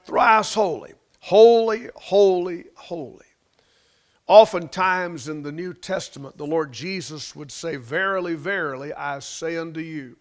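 A man's voice: a little high, normal speed, hardly any pauses, fairly bright tone. A man preaching a sermon as pastor, building emphasis through repetition and sometimes dropping into folksy grammar.

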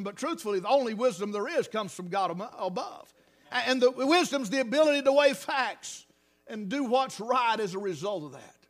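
A high-pitched man delivers a sermon. He speaks softly at times, then climbs into loud, fervent preaching punctuated with hallelujahs. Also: expressive, moderate pace. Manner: builds from quiet talk to loud, rising preaching with hallelujahs. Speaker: pastor.

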